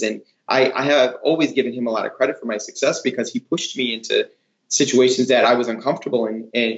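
A man, a hairdresser and educator, talking in a casual interview with enthusiastic, animated storytelling. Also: medium pitch. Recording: roomy, slightly dull sound.

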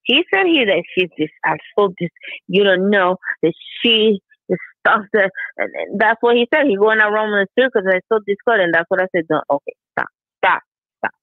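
A woman's voice: medium pitch, expressive, a little fast, no echo. A woman talking casually, hesitant and repeating herself, often breaking into laughter. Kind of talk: casual conversation. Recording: tinny phone line.

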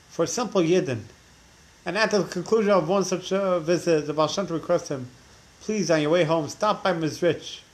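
A man teaching a religious class who tells stories animatedly, acting out the characters, with frequent restarts. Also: sits high. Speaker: Torah teacher.

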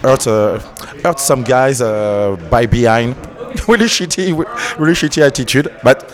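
Brief: French-accented musician from Haiti, plain mid-pitched male voice, halting English, searching for words. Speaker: band musician. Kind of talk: casual interview.

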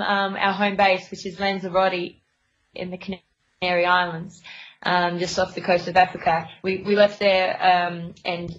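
A young adult woman sailor, interviewed in a casual radio chat, talking hesitantly with many fillers and restarts. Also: fairly low pitch. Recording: dull lo-fi line.

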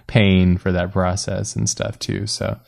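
Brief: low, gravelly male podcast host, laid-back and slangy. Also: flat delivery, measured pace, darkish tone. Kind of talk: casual interview chat.

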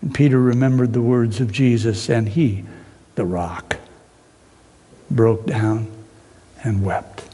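A man preaching a sermon in a dramatic storytelling way, pausing and repeating phrases. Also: medium pitch, dark tone, slightly rough. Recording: reverberant hall.

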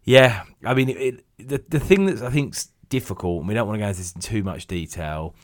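A man co-hosting a casual sports chat podcast, wry and teasing, with frequent quick agreement. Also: lowish voice, animated, dry recording, clean studio sound. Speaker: podcast co-host.

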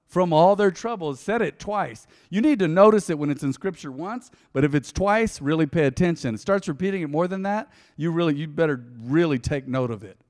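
A man teaching through Bible verses in a casual devotional sermon. He talks straight to his listeners, swinging from emphatic to soft and reflective. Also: on the high side, long reverb tail. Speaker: pastor.

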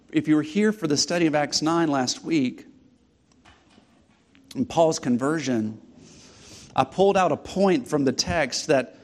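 Preaching man, slightly higher voice. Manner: preaching with emphatic repetition and rhetorical questions. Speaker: pastor. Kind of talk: sermon.

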